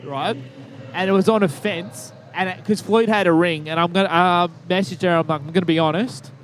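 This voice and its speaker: A high-voiced man tells loose, rambling stories on a casual podcast. He swears freely and laughs at his own tales. A faint hiss of noise sits under the voice. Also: steady tone, fairly quick. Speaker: podcast co-host. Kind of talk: casual storytelling chat.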